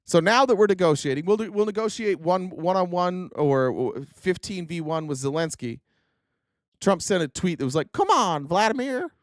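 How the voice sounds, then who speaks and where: A man's voice: fairly high pitch, dry recording, studio quality. A man hosting a political commentary livestream, ranting with exasperation and profanity as he reads out quotes and mocks them.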